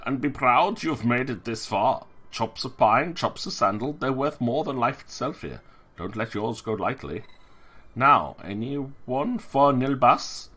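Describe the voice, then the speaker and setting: A man's voice: mid-range voice, bright, forceful tone, husky, pitched above the performer's own voice, heavily acted. A man putting on a hearty German cabby. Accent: German, put on. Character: cheerful male cab driver with German accent.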